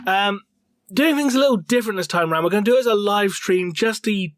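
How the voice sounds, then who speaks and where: A man co-hosting a lore livestream, talking in a relaxed, jokey way with lots of fillers. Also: high-pitched, fast talker, no echo, studio quality. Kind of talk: casual livestream chat.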